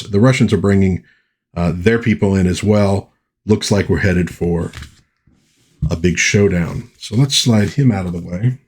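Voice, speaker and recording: A low, husky male voice talking through an old comic issue page by page. He rambles, stops to fix his own slips, and keeps the tone of a relaxed home video review. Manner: rambling, self-correcting. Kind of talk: casual comic review vlog.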